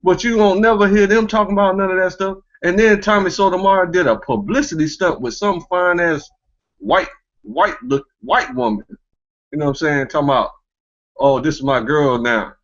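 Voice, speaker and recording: A man's voice: sits high, expressive, fairly quick, a bit bright, highs cut off. A man hosting a casual online talk show, rambling and filling with a stock phrase. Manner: rambling, fills with "you know what I'm saying".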